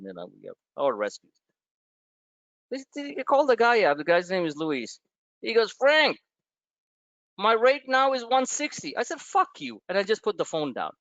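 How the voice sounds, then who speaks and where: Animated, profane trading webinar host. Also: male voice, on the high side, no room sound, highs cut off. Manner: animated, profane, tangents into personal stories. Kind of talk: live market webinar, casual.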